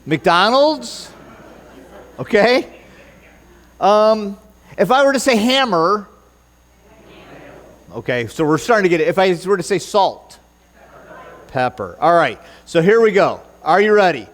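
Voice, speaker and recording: A man's voice: high-pitched, big pitch swings, slow pace, pauses often. A man preaching a sermon in church, joking and bantering with the congregation and stumbling over his notes. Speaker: pastor.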